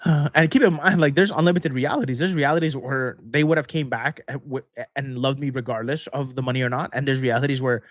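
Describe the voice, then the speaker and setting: A young man chats through a casual livestream Q&A, coaching members with a rambling, easygoing flow full of fillers and quick laughs. His voice sits at an ordinary middle pitch. The sound is close and dry, with no room echo. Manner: rambling and chatty, laughs often, many fillers and restarts. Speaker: manifestation coach hosting a member Q&A.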